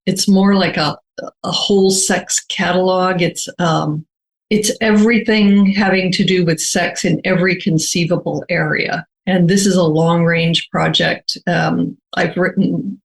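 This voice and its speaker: An older American woman, an author, answering interview questions in a measured, thoughtful way, slowly stretching her key words. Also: on the low side, steady tone, creaky, poor audio. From United States.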